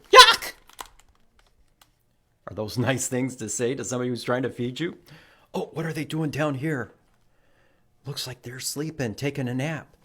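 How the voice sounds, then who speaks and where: A man reading a picture book aloud to children as a librarian, animated and stopping to ask them questions. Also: mid-range voice, husky. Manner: animated, asks the listeners questions.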